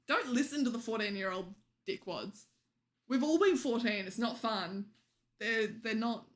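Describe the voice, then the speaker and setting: A young woman streamer chatting casually with viewers late at night, teasing them and laughing often. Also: a little high.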